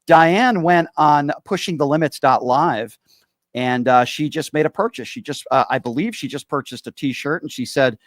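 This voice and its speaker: A man's voice: fairly high pitch, normal speed, no room sound, studio quality. A man hosting a call-in show, earnest and reassuring as he talks to callers. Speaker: host.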